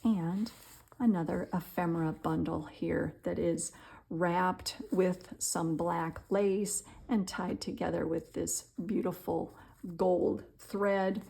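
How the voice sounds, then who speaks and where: Slow, gravelly woman gushing over crafts. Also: lowish voice, a little mellow. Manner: gushing, admiring; unhurried, with fillers. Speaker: junk journal maker. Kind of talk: craft flip-through narration.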